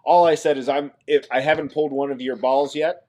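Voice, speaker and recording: A man's voice: mid-range voice, fairly even intonation, fairly quick, darkish tone, muffled recording. A man hosting a casual livestream from Nebraska, chatting and joking with viewers as he reads the chat aloud. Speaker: livestream host.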